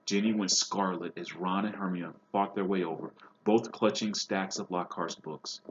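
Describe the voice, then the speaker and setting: A man's voice: low voice, steady tone, moderate pace. A man reading a novel aloud and patiently stopping to explain words. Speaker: reader. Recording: dull lo-fi with hiss.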